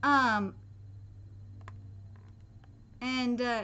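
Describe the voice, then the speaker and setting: A woman with a high, bright voice that jumps all over the place, ranting live about an anime. She sounds exasperated and swears freely, restarting her sentences and filling gaps with ums and uhs. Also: animated, unhurried. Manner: exasperated, profane, emphatic, frequent fillers and restarts. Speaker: anime reaction streamer. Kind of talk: live reaction rant.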